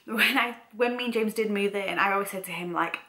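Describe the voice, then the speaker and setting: A woman's voice: medium pitch, fairly quick, bright, forceful tone, reverberant. A young woman vlogger chatting casually to camera at home, rambling with lots of "like" and restarts.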